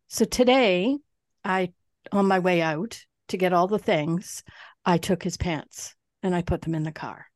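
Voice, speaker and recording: Woman podcast co-host, lively storyteller who does the other voices, close and dry. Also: on the low side, a little slow, dry recording. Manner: animated storyteller, swears, mimics others. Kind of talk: casual chat.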